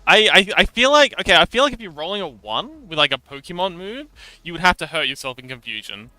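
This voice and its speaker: Brisk and sharp-toned, this Hong Kong man has a high voice with lively intonation. He's a VTuber streamer modeling an avatar and chatting casually with his viewers, with lots of fillers and restarts. The low-quality recording comes from a dry close mic, with faint music in the background.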